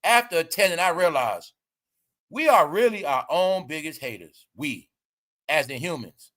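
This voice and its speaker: A man rants through his online commentary show, high-pitched and bright. He mocks and scolds his audience in heavy slang, swearing as he goes. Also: lively intonation, moderate pace. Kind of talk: ranting commentary vlog.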